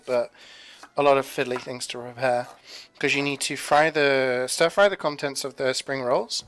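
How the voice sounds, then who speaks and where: Cooking in his home kitchen, a man streams and chats casually with his viewers' chat, rambling as he goes. His voice sits at medium pitch with a fairly bright tone.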